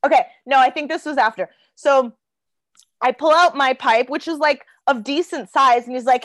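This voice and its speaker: A woman's voice: high-pitched, moderate pace, fairly bright tone, dry recording. A woman hosting a podcast, telling a candid, profane comedic story and acting out both sides of the dialogue. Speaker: podcast host.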